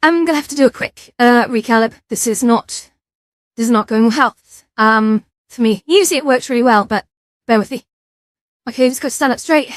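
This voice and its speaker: A woman chats to her live-stream viewers in a casual, self-mocking way, with the odd mild swear. Her voice sits somewhat high. The sound is close and dry, picked up on a headset mic with no room echo. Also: brisk.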